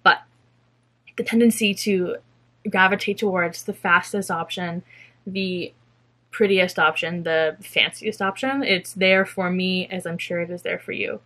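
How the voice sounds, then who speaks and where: A woman's voice: lowish voice, fairly even intonation, unhurried, bright, forceful tone. A young woman chatting casually to camera about her spinning and felting projects, rambling and self-mocking, now and then slipping into silly voices. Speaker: fiber craft podcaster.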